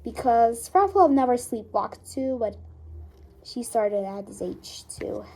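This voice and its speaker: A patient, reassuring mother of a toy animal family, as a woman puts her on. Her voice sits high and mellow, and she talks slowly and gently to her kids. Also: animated. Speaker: toy storyteller voicing all the figures.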